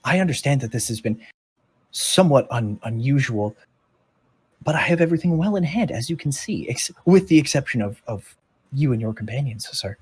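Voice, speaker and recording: A man's voice: mid-range voice, animated, fairly quick, slightly rough, voice pushed up. A man voicing a polite, fussy, many-eyed floating creature that collects specimens, lifting his voice and sometimes dropping to a whisper. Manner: courteous, fussy, drops to a whisper.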